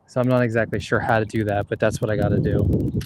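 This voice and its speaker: A man's voice: on the low side, level tone, fast, very noisy. Laid-back golfer co-host, man. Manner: laid-back, self-deprecating. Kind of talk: casual chat. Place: golf course outdoors.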